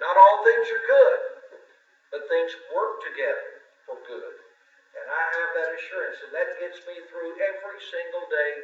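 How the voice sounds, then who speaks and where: An older preacher delivers a folksy sermon, rambling through anecdotes with many restarts. His voice sits a little high for a man and comes from well back in a roomy, echoing space. The sound is thin and narrow, like a phone line. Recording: distant mic, echoey church, phone-like radio sound.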